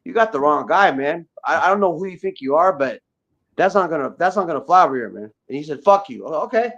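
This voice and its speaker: A man's voice: a little high, expressive, fast, a bit bright. A man guest on a livestream, ranting profanely and combatively with lots of repeated words. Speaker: guest rapper. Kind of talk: livestream rant. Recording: dull lo-fi audio.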